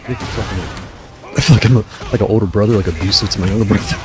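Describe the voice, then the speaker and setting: A man's voice: lowish voice, over music. A man casually commenting on his fighting game matches, trash-talking opponents and then apologizing. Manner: playful trash talk, quick apologies. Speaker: gaming streamer.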